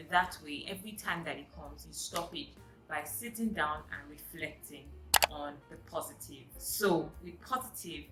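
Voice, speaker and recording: A woman's voice: low voice, a bit bright, echoey room, low-quality recording. A woman vlogger giving a chatty, emphatic self-help talk straight to her viewers.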